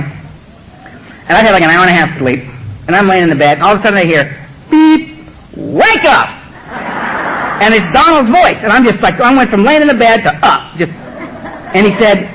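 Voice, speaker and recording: A middle-aged man telling his recovery story to a meeting, animated and acting out the voices of others. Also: high voice, dull audio. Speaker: AA speaker. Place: meeting room with audience.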